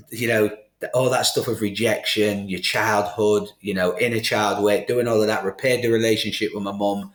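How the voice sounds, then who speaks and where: A middle-aged man, a podcast guest, telling his life story candidly and acting out the conversations he recalls. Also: fairly low pitch. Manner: animated, acts out quoted exchanges. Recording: roomy studio echo.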